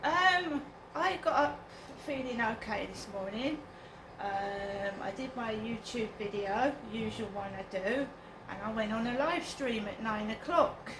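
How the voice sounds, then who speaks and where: A woman with a slightly high voice talks casually to camera as she walks outside. She rambles on in an aggrieved, chatty way. The sound is echoey, with loud outdoor noise behind her. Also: measured pace. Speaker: vlogger. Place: outdoors on a morning dog walk.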